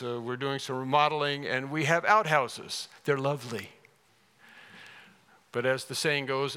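A man's voice: medium pitch, bright, forceful tone, smooth, long reverb tail. A man preaching a sermon as pastor, emphatic and repeating key words for stress. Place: church sanctuary.

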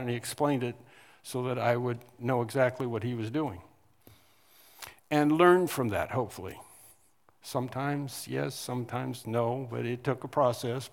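A man preaching a sermon in an earnest, conversational way, pressing hard on key words before dropping back to a quieter tone. His voice carries a long hall reverb around it. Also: medium pitch. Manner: earnest, rises to emphatic stress on key words, with frequent restarts.

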